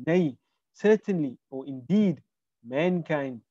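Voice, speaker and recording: A man's voice: on the high side, expressive, unhurried, gravelly, warm tone, dry recording, muffled recording. A man teaching a Quran Arabic lesson online, explaining word by word and asking his students questions. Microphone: video call.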